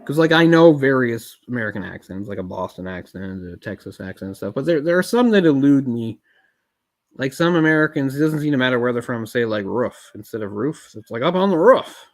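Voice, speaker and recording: A man's voice: mid-range voice, animated, fast talker. A man giving casual live commentary on a film while feeling unwell, rambling in chatty asides with lots of fillers. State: unwell, keeps swallowing.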